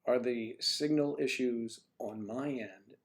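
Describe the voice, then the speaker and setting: A man with a medium-pitched voice takes things slowly as he hosts a relaxed home livestream. Nursing a cough, he rambles, chats and trades jokes with his viewers, all while repeatedly adjusting his stand-mounted microphone.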